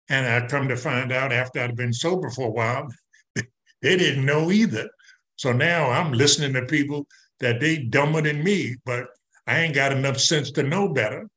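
A man's voice: mid-range voice, a bit bright. An older man giving a folksy, conversational personal testimony at a recovery meeting, speaking straight to the audience.

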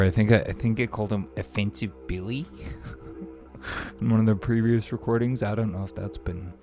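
A man with a low, slightly mellow voice hosts a casual solo podcast. An aspiring voice actor, he rambles, laughs often, and swears casually.

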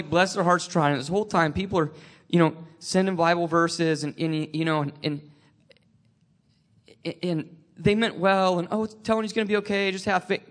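A man sharing a personal faith testimony, emotional and tearful, halting with many restarts. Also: sits high, a bit bright.

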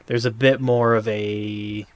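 A man's voice: fairly low pitch, slow. Rambling man in casual podcast chat. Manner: rambling, animated retelling with many fillers. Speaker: podcast co-host.

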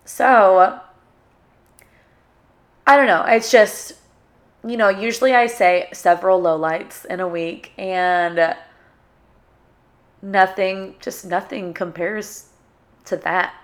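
A woman's voice: medium pitch, fairly even intonation. Young woman doing her podcast solo, emotional, keeps stopping to find the words. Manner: emotional, halting, searching for words. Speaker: podcast host.

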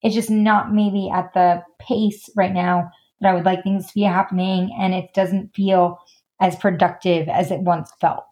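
A woman's voice: on the low side, flat delivery, unhurried, darkish tone. A woman guest in a casual podcast interview, chatty and full of "like" and "um" fillers. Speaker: guest, stylist and designer.

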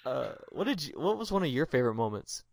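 A man chatting casually about a movie, enthusiastic and quick to laugh. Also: mid-range voice, sing-song, vocal fry, no room sound. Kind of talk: casual film chat.

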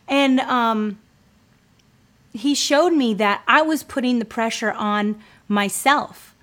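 A woman in her thirties with a somewhat high voice speaks earnestly to other parents. She talks in a loose, conversational way, using plenty of fillers and leaning hard on key words. The tone is that of a heartfelt faith-based advice chat. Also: takes it slowly, a bit bright. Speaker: homeschooling mother sharing advice.

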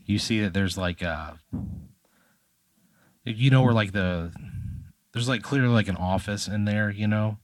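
A man runs a comedy tabletop game, spinning the story in a loose, chatty way with lots of fillers. His voice sits low, and the sound is dry and close. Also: measured pace, pauses often, dry recording. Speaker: game master.

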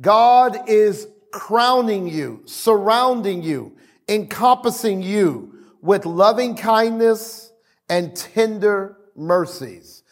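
Man, pastor, sermon, high voice, unhurried, repeats lines, call and response. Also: lively intonation.

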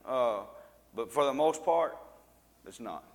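A man's voice: medium pitch, animated, slow, big-room sound. A man leads an informal Bible lesson, talking conversationally and quizzing his listeners with fill-in-the-blank questions. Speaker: Bible study teacher.

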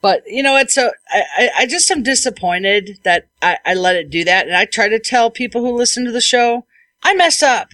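A woman hosting a podcast as an IT technician, telling a work story in a lively, casual way and acting out what people said. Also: on the high side, fairly quick, no echo.

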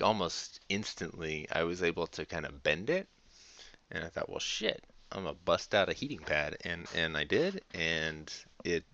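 A man hosts a casual solo podcast, rambling along with plenty of fillers and easy laughs. His voice is low and smooth, with a bright edge, and he talks slowly. The recording sounds a little dull and lo-fi. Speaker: podcast host.

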